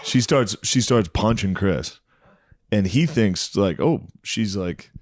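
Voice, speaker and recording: Low-voiced guy on a podcast mic, dry sound, cracking up telling a bar story. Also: animated, takes it slowly, darkish tone, dry recording. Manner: crude, laughing, acts out quotes. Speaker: podcast co-host. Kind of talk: casual storytelling chat.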